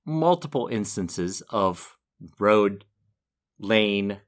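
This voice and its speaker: A man's voice: lowish voice, expressive, very slow. Man telling a self-deprecating story. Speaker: podcast co-host. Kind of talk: casual chat.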